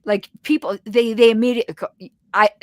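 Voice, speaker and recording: A woman with a slight lisp, a guest in a casual interview, talking in an animated way with stumbling restarts. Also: a little high, normal speed, no echo, studio quality.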